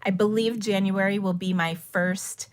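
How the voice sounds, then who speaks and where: A woman's voice: medium pitch, fairly even intonation, a little slow, no echo. A middle-aged woman hosting a craft class live stream from her home craft room on a phone camera, chatty and rambling with fillers and laughs. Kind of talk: casual live-stream chat.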